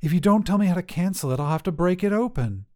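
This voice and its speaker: Male reader doing a frantic young woman caller, exasperated and pleading, high and animated. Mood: furious. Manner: exasperated, pleading, quick to anger. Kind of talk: audio drama reading.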